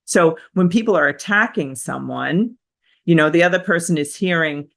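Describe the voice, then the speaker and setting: A woman therapist hosting a motivational self-help talk, energetic and emphatic, with repetitive phrasing. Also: on the low side, normal speed, gravelly. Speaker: therapist and host.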